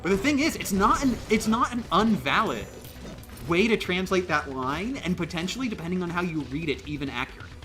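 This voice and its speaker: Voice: mid-range voice, very animated, brisk, fairly bright tone, faint music behind. A livestreamer chatting casually during a game stream, rambling with lots of fillers and emphatic restarts.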